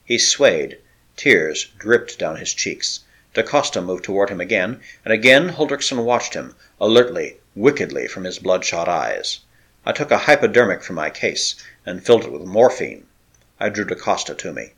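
Low-voiced man reading a dramatic tale. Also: very animated, normal speed, a bit bright, slightly rough. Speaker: audiobook narrator. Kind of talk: scripted story narration.

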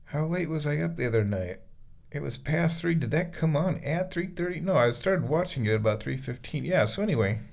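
Gravelly man rambling to his cat. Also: on the high side, lively intonation, a little fast, a little mellow. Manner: chatty, playful, talks baby talk to his cat. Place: bathroom, sitting in a bathtub.

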